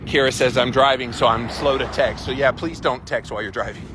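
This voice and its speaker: A man with a mid-range voice hosts a weekly walk-and-talk live stream outdoors, speaking fairly quickly. He reads viewer comments and offers his opinions in a chatty way, stretching out phrases for emphasis as outdoor noise carries behind him.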